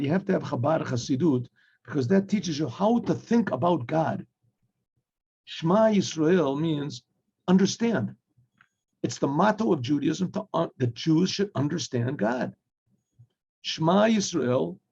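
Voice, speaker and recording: A rabbi teaching a class, talking plainly and acting out small scenes as he goes, with frequent throat clearing. His man's voice sits a little high yet sounds dark, with a gravelly, husky grain. The recording is muffled and lo-fi. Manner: conversational teaching with homely examples and acted dialogue. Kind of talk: Torah class.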